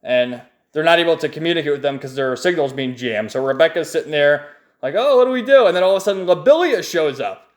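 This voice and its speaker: A man's voice: fairly high pitch, lively intonation, fast. A man casually recapping a comic book page by page, enthusiastic and rambling, chuckling often. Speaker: manga reviewer.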